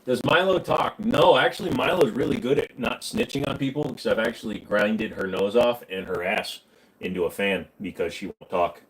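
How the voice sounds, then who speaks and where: A man's voice: fairly low pitch, normal speed, fairly bright tone, rough recording. A man hosting a casual livestream, answering viewer questions with crude jokes and banter aimed at his chat. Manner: crude joking banter, talking back to chat.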